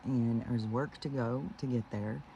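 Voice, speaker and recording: Rambling, mellow-voiced man musing on spirituality. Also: medium pitch, fairly even intonation, vocal fry, highs cut off, slight background noise. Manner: meandering, heavy with fillers and restarts; earnest, slows down on key phrases. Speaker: spiritual vlogger.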